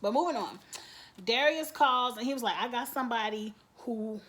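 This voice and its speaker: Sassy animated woman recapping TV. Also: a little high, moderate pace. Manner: sassy, animated, mimics characters, laughs often. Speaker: TV recap reviewer. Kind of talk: casual TV episode recap.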